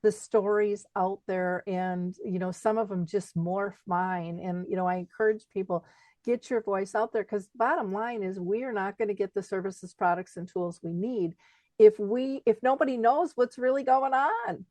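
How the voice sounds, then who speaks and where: A middle-aged woman hosting a podcast interview, talking in a casual, expressive way and laughing easily. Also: mid-range voice, moderate pace, dry recording. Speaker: podcast host.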